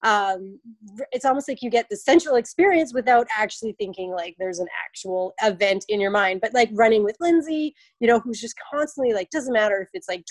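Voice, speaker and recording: A woman in her thirties, an obstacle race athlete guesting on a casual podcast interview, chats about racing and tells stories. She acts out what people said to her with lively voices. Her medium-pitched voice comes through a low-quality recording with no room sound.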